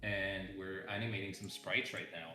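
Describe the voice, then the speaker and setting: A man's voice: deep voice, normal speed, faint music behind. A man hosting a game development live stream, joking casually and reading out chat messages. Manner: relaxed, joking, reads chat aloud. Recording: roomy echo.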